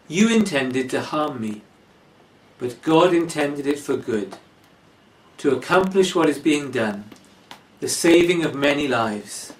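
A man delivers a sermon at a slow, deliberate pace, his voice rising and falling with lively pitch. He sounds fairly high for a man. The mic sits at a distance, so the church's echo carries around his words. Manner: slow, deliberate expository preaching. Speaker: preacher. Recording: echoey church from far off.

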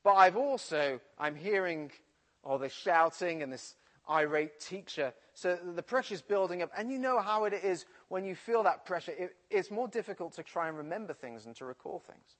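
A man's voice: high-pitched, moderate pace. A man from the English Midlands with a Midlands accent, preaching and telling a personal story from his school days. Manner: storytelling, animated retelling.

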